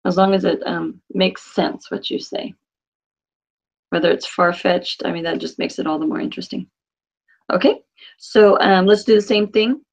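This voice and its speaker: A woman's voice: fairly low pitch, moderate pace, gravelly. A woman teaching a Spanish class online, patiently correcting her students by name. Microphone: computer mic on a video call.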